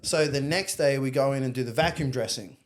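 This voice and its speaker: Australian man, young adult, podcast guest, rambling storyteller, swears freely, mid pitch. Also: a little fast. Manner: candid, profane, rambling storyteller. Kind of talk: casual storytelling interview.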